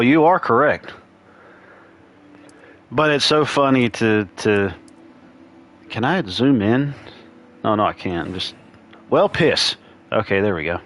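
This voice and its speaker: A man's voice: mid-range voice, expressive, slow pace, long pauses, fairly bright tone. A young man giving casual, rambling gaming commentary, chuckling as he goes. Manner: rambling, laughing, chatty. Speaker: streamer.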